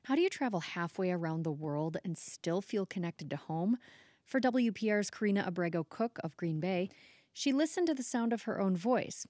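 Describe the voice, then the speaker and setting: A woman's voice: mid-range voice, lively intonation, moderate pace, a little mellow, no echo, studio quality. Woman presenting a public radio segment.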